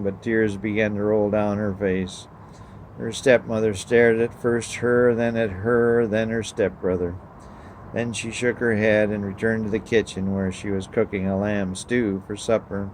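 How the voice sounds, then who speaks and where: A man reading a story aloud and then preaching a sermon, measured, asking the listeners questions. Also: lowish voice, little pitch movement, darkish tone, a little hiss or hum, low-quality recording.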